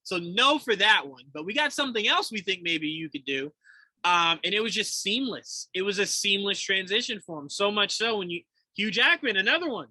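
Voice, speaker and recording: A man co-hosting a podcast in casual chat, animated and laughing often, acting out quotes as he talks. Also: high-pitched, moderate pace, no room sound, low-quality recording. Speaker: podcast co-host.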